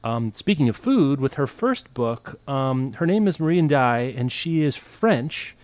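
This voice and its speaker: A man's voice: mid-range voice, sing-song, unhurried, darkish tone, no room sound. A man co-hosting a podcast, enthusiastic and rambling as he recommends books with many restarts. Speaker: podcast co-host. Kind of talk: casual book chat.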